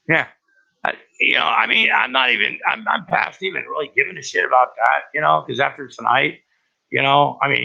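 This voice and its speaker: Gravelly man with a tense, sharp edge; halting, profane rambling, lo-fi recording. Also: lowish voice. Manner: halting, profane, many restarts. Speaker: vlogger. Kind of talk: rambling personal monologue. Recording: dull lo-fi recording.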